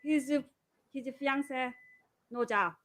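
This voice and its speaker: A woman with a Korean accent talking casually in broken English, animated and acting out quotes. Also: high voice, extremely slow. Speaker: guest. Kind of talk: casual chat.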